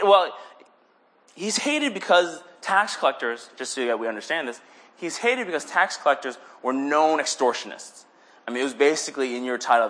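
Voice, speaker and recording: A young man giving a casual sermon, animated, often acting out little voices for the people he talks about. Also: medium pitch. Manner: animated, acts out voices in quotes. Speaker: preacher.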